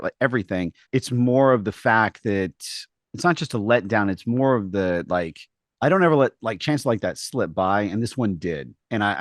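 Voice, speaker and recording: A man co-hosting a casual podcast, who talks in an animated way and acts out the voices in his stories. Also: on the low side, no room sound, studio quality. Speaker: podcast co-host.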